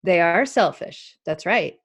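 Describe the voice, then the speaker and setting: A woman healer gives a spiritual reading on a talk show, animated as she acts out inner voices and laughs often. Her voice is husky and fairly low, and she speaks a little slowly.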